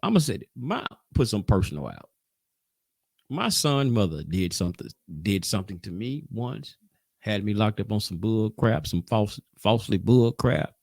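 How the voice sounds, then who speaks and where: Lively low-voiced man teaching Bible class. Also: normal speed, vocal fry, no room sound, studio quality. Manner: loose and conversational, rising and falling in emphasis, with frequent restarts. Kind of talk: informal Sabbath Bible class.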